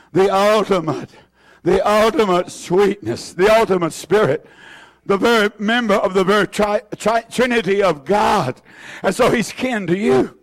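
Fervent high-voiced male preacher. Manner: fervent, repeats phrases, many "uh" fillers; swings between shouting and hushed tones. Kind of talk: impassioned sermon. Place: church.

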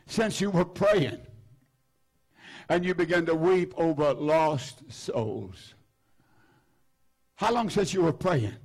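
A high-pitched older man preaches. He is fervent and repetitive, circling back to the same lines and filling gaps with "uh" and "hallelujah." It is a sermon delivered to a congregation. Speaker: pastor.

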